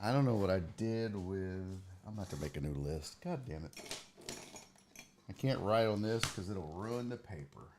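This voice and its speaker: Profane, animated middle-aged man. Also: on the low side, normal speed, background noise. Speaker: sports talk show host. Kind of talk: casual rambling storytelling.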